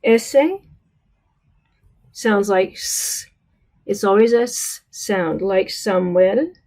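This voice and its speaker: A woman with an American accent gives a pronunciation lesson at a very unhurried pace. She is patient and careful, drawing out each example word and often checking in with her learners. Her pitch sits in an ordinary middle range. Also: a little mellow. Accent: American English. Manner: patient, drawn-out model words, checks in with "right?". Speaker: Spanish teacher.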